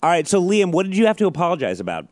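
A man hosting a comedy podcast, teasing his guest with quick jabs. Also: sits high, huge pitch swings, a little mellow, dry recording. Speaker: podcast host. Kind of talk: casual comedy banter.

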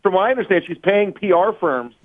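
Quick man on a tinny phone line. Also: sits high, lively intonation. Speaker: comedian guest. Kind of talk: casual radio chat. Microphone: phone call.

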